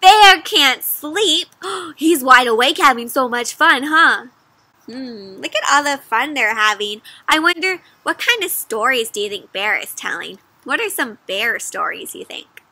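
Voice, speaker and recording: A woman giving an interactive read-aloud for children, animated, with gasps and questions to her young listeners. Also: fairly high pitch, measured pace, dry recording. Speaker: children's storyteller.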